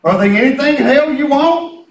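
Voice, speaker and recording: A middle-aged male pastor preaching in a folksy, repetitive way, his voice pitched very high for a man. He sounds distant from the mic in an echoey room. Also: animated, fairly quick, slight background noise. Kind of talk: sermon.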